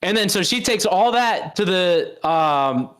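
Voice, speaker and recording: A man's voice: high-pitched, expressive, takes it slowly, fairly bright tone, rough recording. A man co-hosting a podcast in casual chat, retelling a case in a rambling way. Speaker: podcast co-host.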